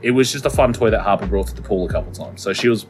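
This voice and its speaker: A man's voice: on the low side, rapid-fire, music in the background. A man, co-hosting a podcast and telling a story in casual chat, full of swearing and laughter. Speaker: podcast co-host.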